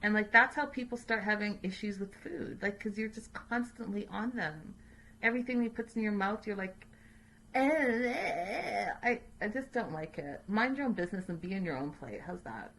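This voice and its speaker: A woman hosting a casual, chatty recap show, opinionated and quick to laugh. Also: medium pitch, expressive, fairly bright tone. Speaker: host.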